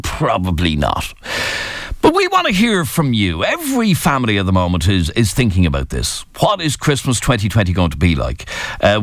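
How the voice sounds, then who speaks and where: An Irish man hosting a phone-in radio talk show, jokey and animated as he reads out listener messages. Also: medium pitch, no room sound, clean studio sound. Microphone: studio microphone.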